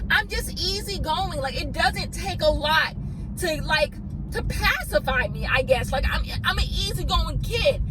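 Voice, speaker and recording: High-voiced young woman ranting. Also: sharp tone, slight background noise, rough recording. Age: 20s. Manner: rambling, repetitive, emotional, many fillers. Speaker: vlogger telling a story. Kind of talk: storytime vlog.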